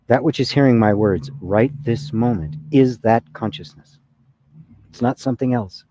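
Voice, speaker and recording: A man's voice: medium pitch, moderate pace, a little hiss or hum. A man giving a conversational satsang talk as spiritual teacher, often checking with "right?". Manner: conversational, with frequent "right?" and soft laughs.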